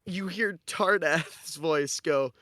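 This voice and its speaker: A man's voice: fairly high pitch, pushed and bright, no echo. Man narrating a tabletop game, dry close sound. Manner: descriptive, slowing for dramatic narration. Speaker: game master.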